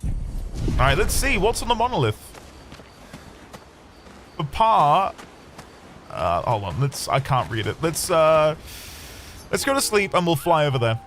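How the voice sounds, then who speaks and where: A man's voice: a little high, big pitch swings, a little slow, pauses often, a bit bright, a little hiss or hum. A man who streams games, talking casually and rambling through his play, swearing lightly now and then. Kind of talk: casual gameplay commentary. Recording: game music playing behind the voice. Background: game music.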